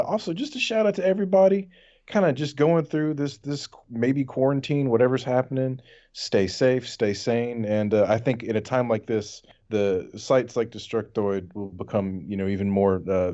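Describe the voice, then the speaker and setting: A man's voice: fairly low pitch, mellow. A man co-hosting a podcast, chatting casually in an earnest, laid-back way. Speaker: podcast co-host. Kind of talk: casual chat. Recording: slightly dull lo-fi audio.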